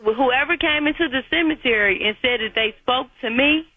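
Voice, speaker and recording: A woman's voice: sits high, a little fast, no room sound. A woman working in a cemetery office, firm and dismissive on a phone call. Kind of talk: phone conversation.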